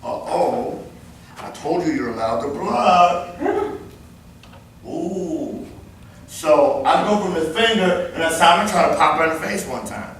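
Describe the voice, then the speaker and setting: A man in his fifties running a live workplace safety training class, animated and joking as he demonstrates moves. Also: fairly high pitch, fairly quick, a little hiss or hum. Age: 50s. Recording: very echoey room, far mic, faint ambience.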